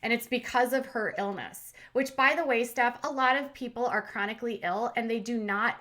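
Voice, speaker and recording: A woman's voice: a little high, moderate pace, pushed and bright. A woman hosting a commentary channel, recapping reality TV in a chatty, sarcastic way with lots of fillers.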